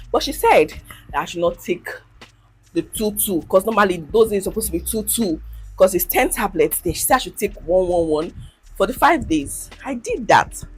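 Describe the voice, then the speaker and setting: Woman in her 30s vlogging, voice jumps all over, lots of sighs n laughs, soft music under. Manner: animated, acts out quoted voices with big pitch jumps; emotional, candid, with sighs and laughs. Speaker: content creator. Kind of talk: personal storytelling vlog.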